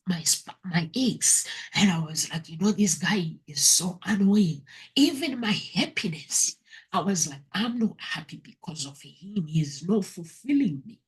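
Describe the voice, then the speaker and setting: Slow, breathy woman telling her story. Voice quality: breathy, often near a whisper. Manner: emotional, pitch rising sharply when recounting crying. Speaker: talk show host. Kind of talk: personal testimony to viewers.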